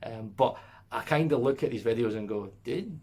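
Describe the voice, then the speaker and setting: A man's voice: mid-range voice, a little fast, darkish tone. A man hosting a casual review vlog, talking in a rambling, chatty way with lots of asides and tag questions, and laughing between words. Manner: laughs mid-sentence. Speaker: audio plugin reviewer, channel host.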